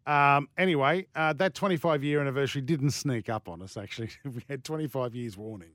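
A man's voice: mid-range voice, brisk, a bit bright, dry recording, clean studio sound. A middle-aged Australian man co-hosting a sports radio show, teasing his co-host with casual banter and frequent laughs. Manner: teasing, jokey, laughs often.

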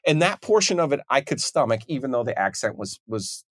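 A man hosting a podcast, talking in a measured, conversational way. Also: mid-range voice, sing-song, no room sound, clean studio sound. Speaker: podcast host.

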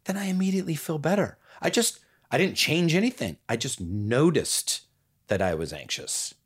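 A man speaking as a podcast guest, calm and musing, sometimes trailing off softer. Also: a little high, normal speed, husky. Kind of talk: reflective conversational talk.

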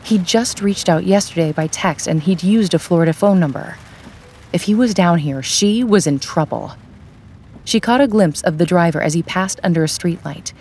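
A woman reading audiobook narration in a calm, measured way. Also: lowish voice, slight background noise.

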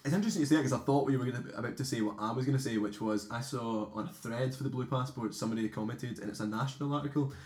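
A man's voice: medium pitch, very fast, few pauses, darkish tone. A young Scottish man hosting a casual podcast chat, rambling and cutting himself off mid-thought. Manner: rambling, self-interrupting, chatty. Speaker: podcast host. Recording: roomy echo.

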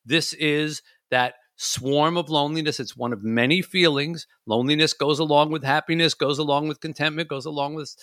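A man's voice: on the high side, moderate pace, few pauses, no echo, clean studio sound. A man hosting a casual talk show, chatting and acting out his own inner voice. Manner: animated, acts out his inner voice. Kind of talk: casual chat.

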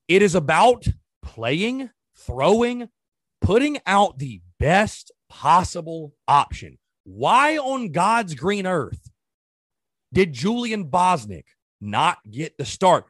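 A man hosts a sports talk show and rants in exasperation, throwing out question after question. His voice sits high and swings widely in pitch as he works himself up. The sound is dry and close, with no room around it. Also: sing-song, slow, a bit bright, no echo. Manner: exasperated, ranting with rhetorical questions. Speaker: sports podcast host. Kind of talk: casual sports commentary.

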